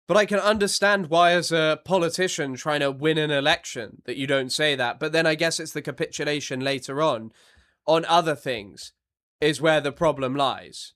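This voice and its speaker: A man streaming live, reacting bluntly to news clips, often halting them to argue and circling back with fillers and repeats. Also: on the high side, fairly bright tone. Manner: filler-heavy, repeats himself. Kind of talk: casual live-stream commentary.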